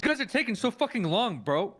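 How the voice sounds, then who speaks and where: A man's voice: sits high, sing-song, fairly quick, a crowd in the background. A man bantering and complaining with lots of swearing during a game roleplay. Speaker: roleplay player. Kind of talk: casual in-character banter.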